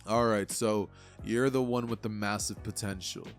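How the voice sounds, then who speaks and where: A man voicing a gruff, tired male teacher in a low, flat, unimpressed voice. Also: moderate pace, faint music behind, close to an everyday voice.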